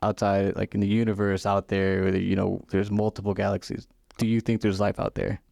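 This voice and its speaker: A man with a low, gravelly voice asks easygoing, open-ended questions. He is recorded close and dry, with no room sound around him. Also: flat delivery, fairly quick, darkish tone, dry recording. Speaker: podcast interviewer. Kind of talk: casual podcast chat.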